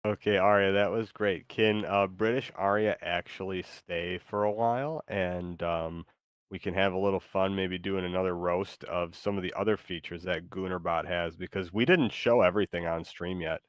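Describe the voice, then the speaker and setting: A man's voice: deep voice, steady tone, moderate pace, no room sound, dull audio. A man hosting a live stream, chatting casually with lots of fillers. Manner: rambling, many fillers. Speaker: streamer host.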